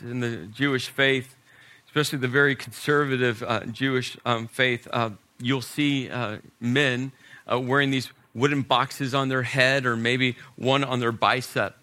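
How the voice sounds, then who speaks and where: Bright-voiced man preaching a sermon. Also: medium pitch, fairly even intonation, unhurried. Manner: storytelling preacher, rising to emphasis then dropping soft. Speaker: pastor.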